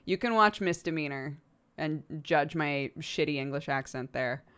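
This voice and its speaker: A woman's voice: low voice, moderate pace, a bit bright, clean tone. A woman from the United States streaming from home, chatting casually with her chat and laughing often. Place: home streaming setup, lives in England.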